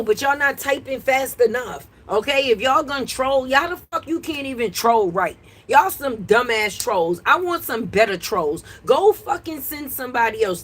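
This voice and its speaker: A woman's voice: fairly high pitch, husky. A woman hosting a casual livestream from her porch, brash and profane, scolding her chat. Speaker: livestream host. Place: porch outdoors.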